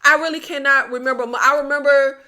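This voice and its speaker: A high-voiced woman with a bright, forceful tone gives a casual spoken film review. She sounds blunt and exasperated as she addresses her viewers directly in a chatty way. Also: steady tone, brisk. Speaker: movie reviewer.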